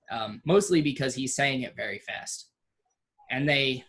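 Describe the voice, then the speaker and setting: A game master narrating a tabletop game, unhurried, with many ums and restarts. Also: mid-range voice.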